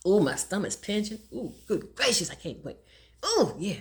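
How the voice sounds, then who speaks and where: A woman telling a personal story in a casual vlog, talking fast and laughing often. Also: mid-range voice, big pitch swings. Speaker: vlogger.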